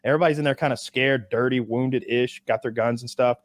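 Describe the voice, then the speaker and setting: A man's voice: mid-range voice, steady tone, fast, no room sound, studio quality. A man on a casual podcast, telling a story with acted-out quotes and a lot of swearing. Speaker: podcast co-host.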